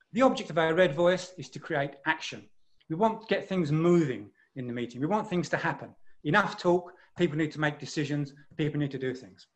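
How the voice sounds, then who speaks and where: Man presenting in a fairly high voice. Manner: explanatory, with frequent pauses and filler sounds. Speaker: management trainer presenting a webinar. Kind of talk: online presentation. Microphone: video call.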